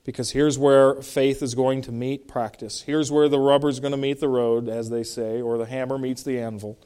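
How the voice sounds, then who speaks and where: A man's voice: medium pitch, little pitch movement, moderate pace, dark tone, smooth. A middle-aged male pastor preaching a sermon, reading Bible verses aloud and explaining them, with emphatic stresses.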